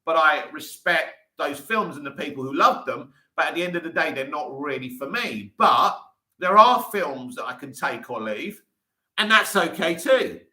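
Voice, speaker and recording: Casting note: male livestream host, keen and chatty, bright forceful voice, slightly high, roomy echo. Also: lively intonation, normal speed. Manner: enthusiastic, talks in restarts and asides. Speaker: livestream host reading viewer comments. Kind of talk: casual live chat. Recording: echoey room.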